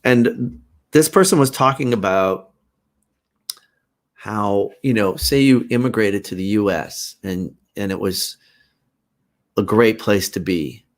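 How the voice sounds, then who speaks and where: A man talks on his own live stream in a slightly low voice. He speaks earnestly and haltingly, circling back as he thinks aloud, picked up by a computer mic. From Canada. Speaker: host. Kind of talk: casual live-stream monologue.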